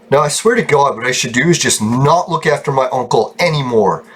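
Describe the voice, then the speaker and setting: A man's voice: medium pitch, animated, fairly quick, few pauses, husky. Angry swearing male streamer ranting. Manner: angry, heavy swearing, rambling. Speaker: game streamer. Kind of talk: ranting casual stream talk. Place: room at home.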